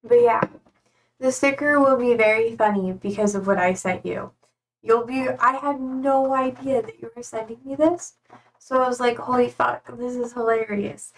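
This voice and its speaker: This young woman, slightly high-voiced and talking at a moderate pace, rambles through a casual live-stream chat while fighting back tears, emotional and close to crying. Sitting a little away from the microphone gives her voice a distant quality.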